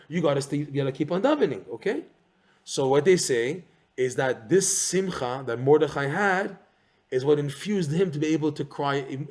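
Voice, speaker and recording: A man giving an animated Torah class, repeating phrases and firing rhetorical questions. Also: on the high side. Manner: excitable, rhetorical questions, repeats phrases, mixes in Hebrew terms. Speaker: Torah teacher.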